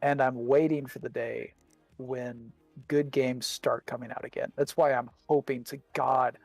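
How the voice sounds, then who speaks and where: A man in casual podcast chat, circling his points and repeating words as he goes, with the hiccups. His pitch sits mid-range and the recording is dry, with faint music underneath. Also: flat delivery, a little slow, gravelly, darkish tone, no room sound. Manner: rambling, repeats words while thinking. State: has the hiccups. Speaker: podcast co-host.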